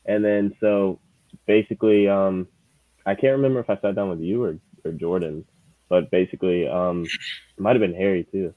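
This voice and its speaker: A man in his twenties, a guest lead manager, talking in a relaxed, halting way with many fillers. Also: low voice, dry recording. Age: 20s. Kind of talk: casual chat. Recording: tinny phone-like call audio.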